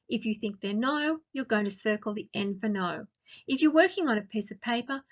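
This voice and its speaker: A woman teacher with an Australian accent, giving a recorded grammar lesson to young children and asking slow, clear, sing-song questions. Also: mid-range voice, dull audio. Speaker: primary school teacher.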